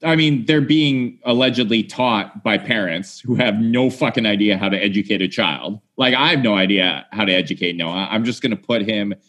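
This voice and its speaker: A man's voice: fairly low pitch, normal speed, few pauses, a bit bright. A man co-hosting a casual podcast chat, joking dryly and sarcastically and swearing. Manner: dry sarcastic humor, swears. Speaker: podcast co-host.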